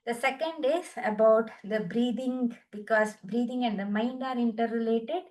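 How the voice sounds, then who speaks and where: A woman's voice: fairly high pitch, normal speed, darkish tone. A woman with an Indian English accent leading a group wellness session, cueing exercises in an upbeat, encouraging way with bursts of laughter. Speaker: yoga and laughter therapy instructor. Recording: distant from the mic.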